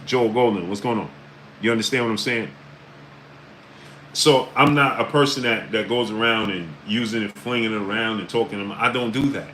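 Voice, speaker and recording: Here a New York-area livestream host talks fairly quickly in a fairly low voice, repeatedly saying "uh" and "right?" while shouting out names from chat. The low-quality recording carries a little hiss or hum.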